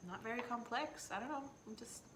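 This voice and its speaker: A woman's voice: fairly high pitch, fairly quick, background noise. A woman from Central America chatting as a guest friend in a casual, earnest, musing way. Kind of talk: casual chat.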